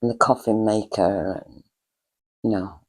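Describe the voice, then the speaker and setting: Slow, rambling older woman reminiscing. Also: extremely low pitch, husky, low-quality recording. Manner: rambling, fond, hesitant with many fillers. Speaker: storyteller host. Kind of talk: casual reminiscing chat.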